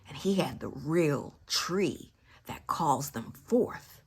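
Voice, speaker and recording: Low, husky-voiced woman storyteller. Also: expressive, takes it slowly. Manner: drops into whispers for emphasis; reflective, spiritual musing. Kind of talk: casual spoken storytelling.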